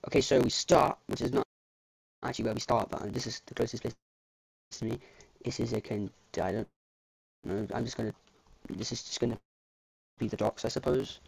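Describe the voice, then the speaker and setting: Gravelly, rambling male streamer. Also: medium pitch, fairly even intonation, normal speed, long pauses. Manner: rambling, restarts sentences, swears casually. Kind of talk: casual game livestream chat.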